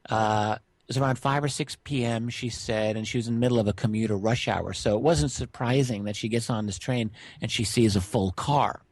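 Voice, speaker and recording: A middle-aged man recounts an odd encounter for a radio interview, relaxed and chatty, pausing on fillers as he goes. His voice sits at a middle pitch and sounds dry and close, with no room around it. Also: no room sound. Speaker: guest researcher.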